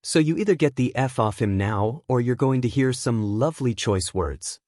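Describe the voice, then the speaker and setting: A man's voice: medium pitch, animated, moderate pace, darkish tone, no room sound, studio quality, natural voice. A man reading as a blunt, sarcastic teenage boy. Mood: deadpan anger.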